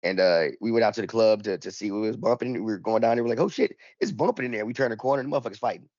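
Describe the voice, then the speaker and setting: Fast-talking man telling a rambling story. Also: lowish voice, fairly even intonation, a little mellow, no echo. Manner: rambling, profane, lots of repeated restarts; acts out both sides of the argument. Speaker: podcast co-host. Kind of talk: casual storytelling chat. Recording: dull lo-fi dry recording.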